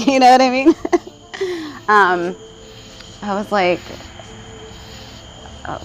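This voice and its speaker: A woman's voice: mid-range voice, animated, moderate pace, long pauses, a little hiss or hum, poor audio. A woman vlogger telling a spiritual story in casual, rambling talk, often checking in with "right?" and laughing along the way. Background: faint crickets.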